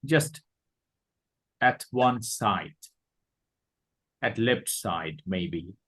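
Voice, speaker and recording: A man with a Bangladeshi accent gives a classroom lecture at an unhurried, measured pace. His voice is a little husky, and he goes over each point more than once. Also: on the low side, animated, a bit bright, poor audio. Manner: slow, deliberate, repeats points. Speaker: teacher.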